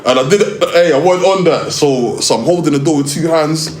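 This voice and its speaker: A young man with a London accent tells a lively, slang-heavy story from his work filming music videos. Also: on the high side, brisk, reverberant. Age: young adult. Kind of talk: storytelling interview.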